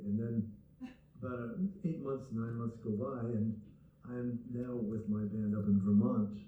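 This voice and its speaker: Older man telling a lively story onstage. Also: medium pitch, moderate pace. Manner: animated storyteller, acts out dialogue. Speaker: guest musician. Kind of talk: storytelling anecdote. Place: theater stage before an audience. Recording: echoey, distant, dull sound with faint noise.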